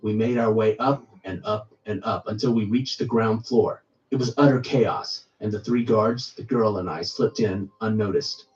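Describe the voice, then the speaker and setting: A man reading a first-person horror story aloud in steady storytelling narration. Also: on the low side, moderate pace, distant mic, lo-fi sound, soft background music.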